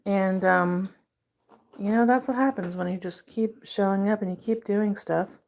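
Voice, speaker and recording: A woman's voice: medium pitch, fairly even intonation, unhurried, creaky, a little mellow. A woman showing her art journal in a casual, rambling vlog, chatty and self-amused. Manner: chatty, rambling, laughing at herself. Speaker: artist and video maker. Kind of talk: casual show-and-tell vlog.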